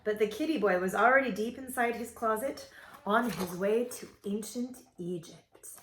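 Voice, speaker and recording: A woman teacher reading a children's picture book aloud with expressive, playful storytelling. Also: mid-range voice, moderate pace, slight background noise. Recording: roomy echoey room.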